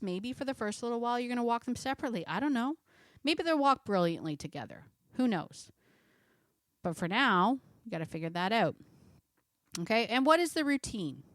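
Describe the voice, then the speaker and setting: A middle-aged woman dog trainer giving a casual, lively lesson full of rhetorical questions. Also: mid-range voice, no room sound, studio quality. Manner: lively, conversational, asks many rhetorical questions. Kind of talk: casual instructional talk to camera.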